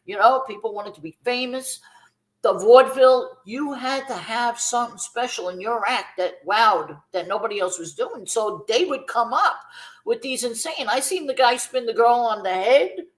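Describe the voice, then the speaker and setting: A woman's voice: fairly high pitch, moderate pace, poor audio. A woman in her fifties, a former b-girl dancer, telling her story bluntly and emphatically as an interview guest, with free swearing.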